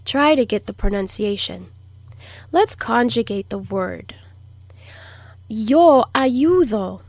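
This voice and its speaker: Slow, deliberate woman teaching Spanish. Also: medium pitch, animated, no room sound. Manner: repeats words slowly and clearly for practice; patient, explains pronunciation step by step. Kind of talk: slow, deliberate language lesson.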